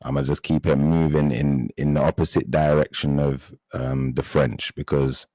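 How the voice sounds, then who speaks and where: A man with a very deep, low voice hosts a live chat and speaks straight to his viewers. He sounds indignant and halting, often stopping to search for words. The recording is dry and close, with little sound of the room. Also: little pitch movement, dark tone, no room sound, low-quality recording. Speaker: live stream host.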